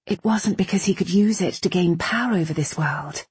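A woman voicing a weary, wary young woman librarian-spy who speaks in hushed, anxious tones. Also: fairly low pitch, moderate pace, breathy edge, no echo, pitched above the performer's own voice.

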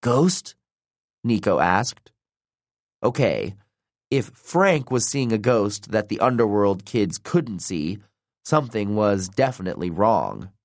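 A man with a low voice reads the audiobook slowly and deliberately, letting his pitch rise and fall with drama. The sound is close and dry, with no room echo at all. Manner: expressive, dramatic reading. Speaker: audiobook narrator. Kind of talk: scripted narration.

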